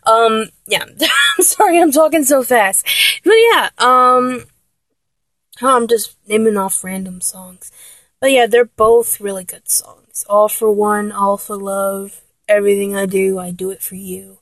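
A music fan chats with her viewers about her favorite songs, full of ums and restarts, now and then singing bits of them poorly. She speaks a little slowly in a mid-range, slightly bright voice with fairly even intonation, and there's no room sound.

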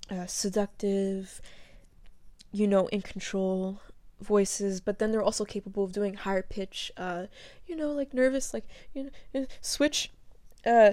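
A woman's voice: medium pitch, a little mellow. Young adult woman from the US, casual Q&A monologue, chatty and slangy, phone memo recording. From from the United States. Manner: chatty, slangy, lots of fillers and laughs. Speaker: audio performer answering listener questions. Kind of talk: casual monologue answering questions.

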